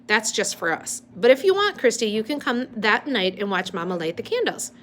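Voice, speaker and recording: A friendly, sensible young girl in a storybook, read by a woman. She speaks gently and reassuringly, pitched a bit above an ordinary speaking voice. A faint hiss sits under the reading. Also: big pitch swings, normal speed. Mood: matter-of-fact.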